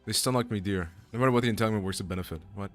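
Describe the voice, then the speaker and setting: Deep-voiced man chatting on stream. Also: very fast, faint music behind. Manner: joking, rambling, swears freely. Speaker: voice actor streamer. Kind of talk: casual livestream chat.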